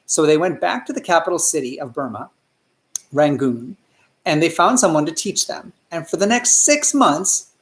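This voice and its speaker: A male storyteller narrating a children's story in an animated way and often asking the listeners questions. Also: fairly high pitch, echoey room.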